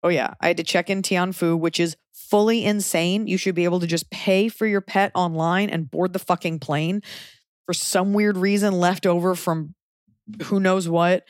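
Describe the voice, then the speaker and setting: A woman hosting a podcast, chatting casually with frank, profane, animated storytelling. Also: fairly low pitch, normal speed, no room sound, studio quality. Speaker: podcast host.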